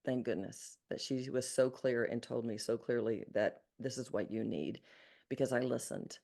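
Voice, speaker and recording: A woman in her sixties from Arkansas with a Southern accent, a guest telling her life story in an earnest, animated way with frequent restarts. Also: extremely low pitch, normal speed, vocal fry. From Arkansas, USA. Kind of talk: storytelling in an interview.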